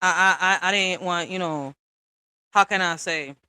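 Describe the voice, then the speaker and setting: A woman giving a blunt, profane response rant to another creator, often tagging lines with "all right?" and swinging from low and quiet to loud and high. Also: moderate pace, clean tone, dry recording, low-quality recording.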